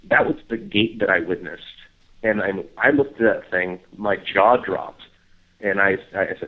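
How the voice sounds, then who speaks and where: A man, a guest researcher, telling a field story in a casual interview, full of fillers, acting out other people's lines in a high voice. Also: a little slow. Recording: tinny phone line.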